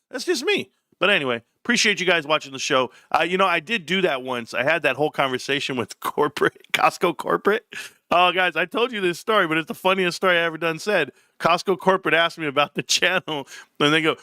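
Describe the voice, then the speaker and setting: Man, livestream host, brash joking chat, wildly swinging pitch, bright tense voice. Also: expressive, a little fast, no room sound, studio quality. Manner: brash, joking, jumps between low mumbles and high outbursts.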